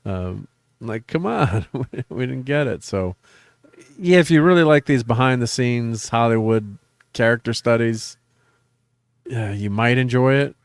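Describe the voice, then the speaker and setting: A man's voice: medium pitch, a little slow, clean tone, dry recording, clean studio sound. A man hosting a live stream, chatting casually about a show, hesitant, with many fillers, restarts and chuckles. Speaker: podcast host.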